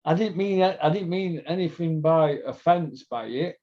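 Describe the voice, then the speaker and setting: A man's voice: on the high side, a little slow, warm tone. A middle-aged man from Doncaster with a South Yorkshire accent, rambling through sweary, laughing stories as a podcast host. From Doncaster, England. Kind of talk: casual storytelling chat. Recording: dull lo-fi sound.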